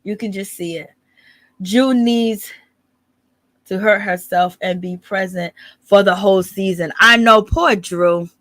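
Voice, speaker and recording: Bright-voiced woman dishing reality TV gossip. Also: medium pitch, fairly even intonation, measured pace, no room sound. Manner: rambling, blunt and profane. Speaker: channel host. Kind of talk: live gossip commentary.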